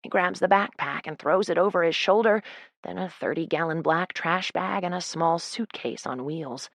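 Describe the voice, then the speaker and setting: A woman's voice: on the low side, normal speed, no room sound. A woman narrating a novel in the first person as an audiobook, with a dry, wry delivery.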